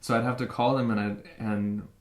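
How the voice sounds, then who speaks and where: Halting young man in an echoey room. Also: on the low side, little pitch movement. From San Francisco, USA. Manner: halting, many fillers and restarts. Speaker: interview guest. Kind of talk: casual interview.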